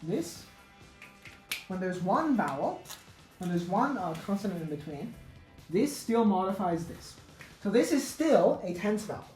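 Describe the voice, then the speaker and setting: A woman teaching an unscripted grammar lesson, halting and correcting herself, with many fillers. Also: mid-range voice, sing-song, dark tone. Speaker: English teacher. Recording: echoey room with faint music.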